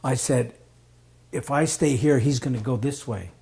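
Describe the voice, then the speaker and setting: A man telling a story in a casual spoken way. He gets animated, acts out the voices of the people he quotes, and laughs often. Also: medium pitch, normal speed, gravelly. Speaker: storyteller guest.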